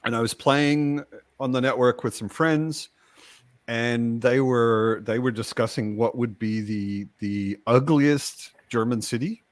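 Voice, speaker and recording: A man's voice: mid-range voice, steady tone, slow pace, no echo. A man from the United States hosting a casual chat, talking in a wry, rambling way with asides. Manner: chatty, wry, trails off into asides. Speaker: podcast host.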